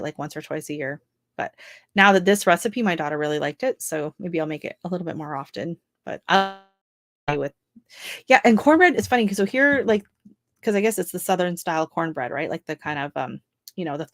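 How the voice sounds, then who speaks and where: A woman's voice: fairly low pitch, no room sound, studio quality. A middle-aged woman hosting a home gardening live stream, chatting casually and rambling through asides. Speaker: gardening channel host.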